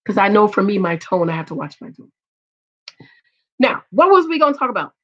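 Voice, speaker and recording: A middle-aged woman giving loud, emphatic casual commentary on a reality show and reading viewer comments. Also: medium pitch, very animated, a little fast, highs cut off. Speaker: vlogger reviewing a reality show.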